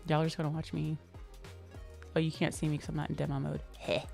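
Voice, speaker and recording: Casting: woman with a low, deep voice, laid-back livestream host, chatty and upbeat, faint music underneath. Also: vocal fry. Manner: chatty, reads out and answers viewer comments; relaxed, upbeat, drawn-out fillers. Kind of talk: casual livestream chat.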